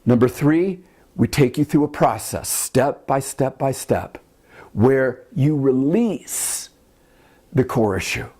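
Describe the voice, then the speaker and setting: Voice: mid-range voice, animated, slow pace, mellow, husky. A self-help teacher in their fifties giving an earnest, emphatic teaching talk and asking the listener questions. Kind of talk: motivational teaching talk to camera.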